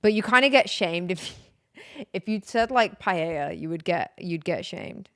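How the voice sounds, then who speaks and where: A woman's voice: on the low side, animated, unhurried, a bit bright, no echo, clean studio sound. A young woman chatting casually on a live stream, rambling and giggly.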